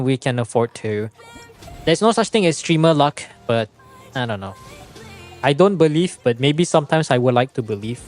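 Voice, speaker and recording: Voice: mid-range voice, darkish tone. A game streamer in casual livestream chat, explaining numbers, chatting and laughing often.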